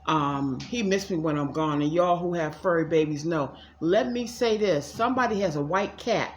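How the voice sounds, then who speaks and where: A woman's voice: low voice, moderate pace, muffled recording. A woman from the DC rambles through a casual tarot reading at home, talking to her viewers as y'all and circling back over the same words. Her voice sits in a middle range and carries a noticeable room echo. A faint hum of background noise sits underneath. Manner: chatty, addresses viewers as y'all, repeats herself. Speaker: psychic tarot reader.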